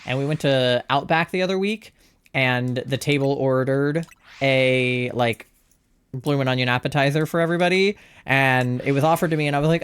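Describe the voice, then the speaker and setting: A young adult man chatting through a live game stream, rambling when calm and then panicked and swearing with excitement. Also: mid-range voice, normal speed, clear, resonant tone.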